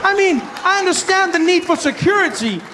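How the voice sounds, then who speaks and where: A man doing stand-up with a bright, fairly high voice and a loose, animated delivery. He jumps into loud, shouty impressions of the people in his story. Faint background noise sits under the recording. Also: a little fast, a faint crowd. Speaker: stand-up comedian. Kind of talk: stand-up comedy routine.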